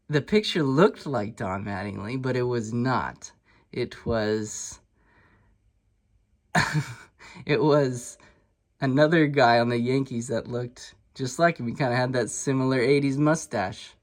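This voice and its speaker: A man in his thirties telling childhood stories in a casual vlog, relaxed and rambling, with many fillers and restarts. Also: mid-range voice. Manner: nostalgic and self-deprecating. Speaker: sports card collector and channel host.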